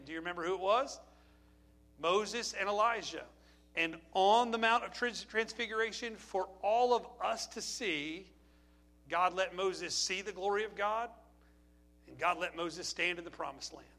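A middle-aged male pastor delivering an impassioned sermon, climbing to near-shouts and then dropping low and quiet.

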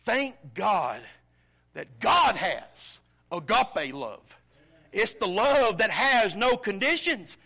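A man preaching a sermon as pastor, with dramatic pauses and rising emphasis. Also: sits high, very animated, vocal fry, bright, forceful tone.

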